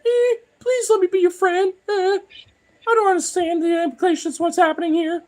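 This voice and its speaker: A man doing a squeaky timid pleading dog. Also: steady tone, normal speed, noisy background.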